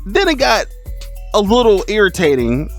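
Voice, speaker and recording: Animated man telling a storytime. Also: high voice, moderate pace, faint music behind. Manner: animated, laughing and exclaiming. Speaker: streamer. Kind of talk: storytime vlog.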